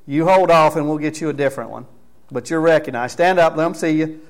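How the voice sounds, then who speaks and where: A male pastor with a gravelly, slightly raised voice speaks to his congregation in a church. He talks in an easy, conversational way, calling people up by name, then moves into prayer. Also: fairly high pitch, fast. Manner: conversational, calls out members by name. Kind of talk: sermon with congregation recognition. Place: church sanctuary.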